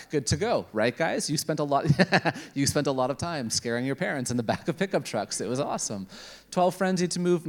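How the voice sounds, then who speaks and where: A man from Canada, preaching a sermon as a lively comic storyteller who acts out his inner dialogue. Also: mid-range voice.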